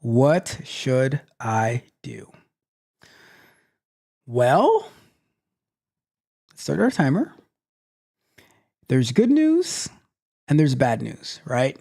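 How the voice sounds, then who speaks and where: Man, tech show host, animated delivery, mock-scolding, repeats phrases, middle pitch. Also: drawn-out words, vocal fry, pauses often. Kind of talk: live Q&A advice show.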